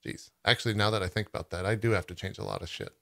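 Male host, bright sharp tone, loose joking banter. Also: lowish voice, vocal fry. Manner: relaxed, joking, talks in quick bursts. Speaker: podcast host. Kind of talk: casual chat.

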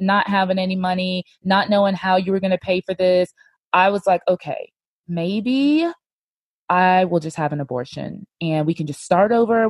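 Woman, podcast host, low-ish voice, dry close sound, candid storytelling, chatty fillers. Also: a little mellow, no echo. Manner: earnest, lots of "like" and "you know".

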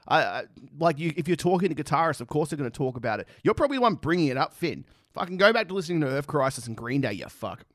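A man's voice: a little high, sing-song, fast, few pauses, fairly bright tone, dry recording, studio quality. A man giving profane, sarcastic reaction commentary. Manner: sarcastic, mocking, swears a lot.

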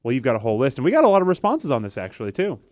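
A man's voice: mid-range voice, wildly swooping pitch, very fast, a little mellow, dry recording. Podcast host, man, jokey and playful, dry studio sound. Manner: jokey, laughs often. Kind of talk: casual chat.

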